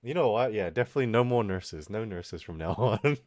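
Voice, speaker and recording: A man's voice: fairly low pitch, fairly quick, no room sound. Young man, streamer, casual story rant, frequent swearing, dry close mic. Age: young adult. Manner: swearing, animated retelling with quoted voices.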